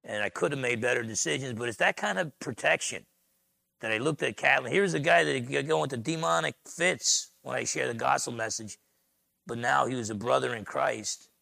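A man with a New Jersey accent, a pastor preaching a sermon in an animated, storytelling way. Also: medium pitch, moderate pace, gravelly, no room sound.

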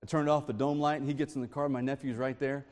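A man preaching a sermon in an informal, animated storytelling way from a church sanctuary. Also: mid-range voice, fast. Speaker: pastor. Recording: long reverb of a large hall.

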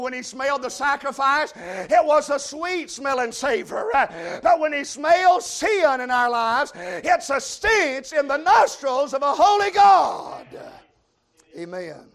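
A male preacher delivers a fiery revival sermon, his voice pitched very high for a man. He shouts his lines, and drawn-out "uh"s fill the gaps between them. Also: lively intonation. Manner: shouting, with frequent drawn-out "uh" fillers.

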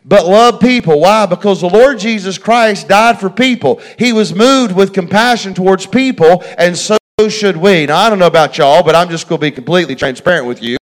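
A man's voice: high-pitched, normal speed, few pauses. A middle-aged man preaching a folksy sermon, repeating phrases and talking straight to his congregation. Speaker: pastor.

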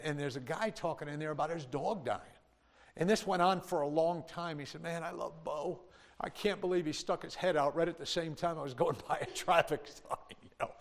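An older man preaches in a humorous, chatty testimony style, his voice sitting at an ordinary middle pitch. He laughs as he tells his tales and throws in praise God. A long reverb from a large hall trails after his words.

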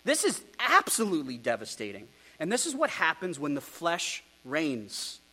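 A male pastor working through a sermon text, his voice sitting slightly high and ranging up and down with emphasis. He talks in an animated, rhetorical way and drops in ironic asides. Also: normal speed. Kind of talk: expository sermon.

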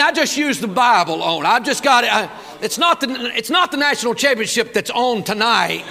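A man's voice: very high-pitched, animated, normal speed, vocal fry, pushed and bright. A man preaching a sermon, fired up and folksy, talking back and forth with the crowd. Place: church auditorium.

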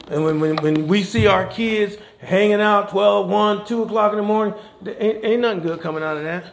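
A man's voice: high-pitched, brisk, gravelly, few pauses. A male pastor and chaplain preaching a conversational sermon in a church, checking in with the congregation with frequent "okay?". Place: church sanctuary. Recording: echoey church room, faint noise.

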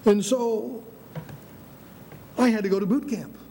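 Older man, American, preacher, sermon, high mellow voice, emphatic restarts, faint rumbly noise. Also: steady tone, unhurried, vocal fry. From United States. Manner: emphatic preaching with many restarts, calls of "Amen?".

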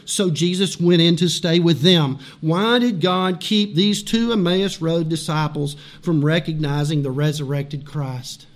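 A male pastor with a high, bright voice preaches animatedly at a measured pace with hardly any pauses. He laughs along with his own points, then drops into hushed intensity, repeating phrases to drive them home.

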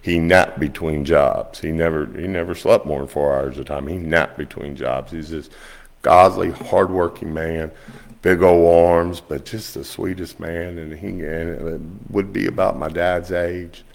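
A pastor with a deep, gravelly voice tells stories from the pulpit. His delivery is folksy and animated, with plenty of fry at the ends of phrases. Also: measured pace. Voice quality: low gravelly voice. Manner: folksy, animated storytelling, rising high when quoting others. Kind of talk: storytelling sermon.

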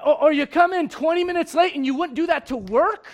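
Pastor, male, very high voice, lively sermon that swings from soft asides to shouting. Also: brisk. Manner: animated preaching, swings from quiet asides to shouted emphasis; conversational, laughs with the congregation.

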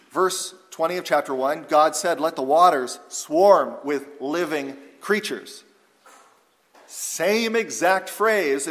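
A man preaching an expository sermon, measured and emphatic, slowing down to read scripture aloud. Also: fairly high pitch, a bit bright. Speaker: pastor. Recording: long hall reverb.

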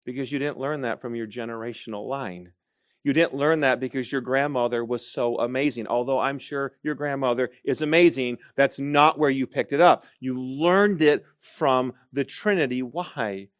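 A man from Michigan preaching a sermon, telling stories and slowing down to stress key phrases. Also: medium pitch, no echo, clean studio sound. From Michigan, USA. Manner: storytelling, emphatic with slow stressed phrases.

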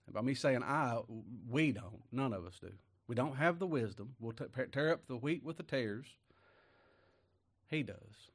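A man preaching a sermon, folksy and emphatic, rising to loud declamation when he reads scripture. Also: medium pitch, lively intonation, a little slow.

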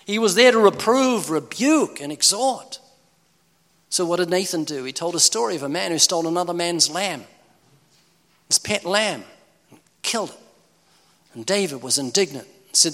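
A man's voice: high-pitched, a bit bright, in a large hall. A man preaching an emphatic, pleading evangelistic sermon.

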